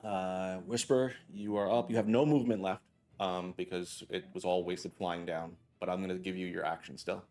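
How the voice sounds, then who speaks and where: Low-voiced male dungeon master, plain rules calls, filler-heavy. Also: fairly even intonation, normal speed, darkish tone. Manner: matter-of-fact rules calls, many "uh"s. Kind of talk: running a tabletop game.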